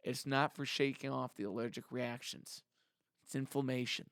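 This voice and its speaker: A man's voice: medium pitch, level tone, normal speed, fairly bright tone, no room sound, studio quality. A man, a musician vlogger, talking in a casual monologue to the camera in a rambling, heartfelt and jokey way.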